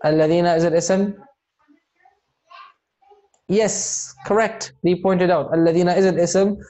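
Patient man teaching Arabic, mellow voice. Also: high voice, fairly even intonation, unhurried. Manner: patient, encouraging, stepwise explanations with frequent check-ins. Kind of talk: online class teaching.

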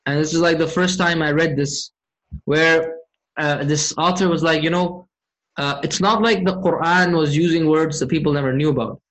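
A man teaching an online Arabic grammar class, often asking his students questions and reciting verses quickly. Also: on the high side, fairly even intonation, a bit bright, low-quality recording. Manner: engages students with frequent questions.

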